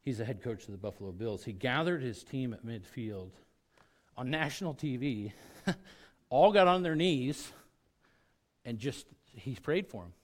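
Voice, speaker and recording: A man's voice: lively intonation, a little slow, pauses often. Dynamic male pastor preaching. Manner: swings between hushed lows and loud emphatic peaks; conversational, with many restarts and asides to the congregation. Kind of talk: sermon.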